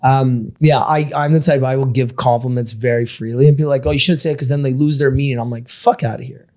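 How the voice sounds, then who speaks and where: A young man talks fast as a podcast guest, telling lively stories in a loose, casual way. He swears often and fills his speech with "like.". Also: medium pitch. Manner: animated storytelling, frequent swearing and "like". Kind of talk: casual chat.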